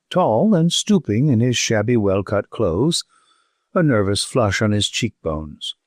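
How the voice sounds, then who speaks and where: A man narrating a classic novel as a scripted audiobook, with expressive, varied intonation. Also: on the low side, no room sound, clean studio sound.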